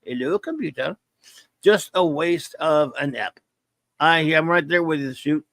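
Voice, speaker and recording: A man's voice: fairly high pitch, measured pace, fairly bright tone, dry recording. A man hosting a casual live-stream review, rambling and joking as he reads viewer chat aloud. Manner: rambling, joking, stumbles over words. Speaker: show host reading viewer chat.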